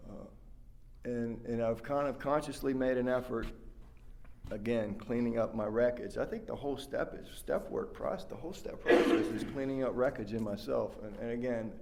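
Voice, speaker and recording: A man's voice: mid-range voice, normal speed, vocal fry, a little mellow, slight background noise. A man giving a rambling, heartfelt personal share as a speaker at a recovery workshop, full of fillers and restarts. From West Virginia.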